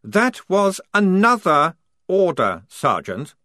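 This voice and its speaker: A man's voice: sits high, wildly swooping pitch, takes it slowly, bright, forceful tone, no echo, clean studio sound, voice pushed up, exaggerated voice. A man voicing a fussy, anxious young army officer who speaks in a prim, formal and polite way.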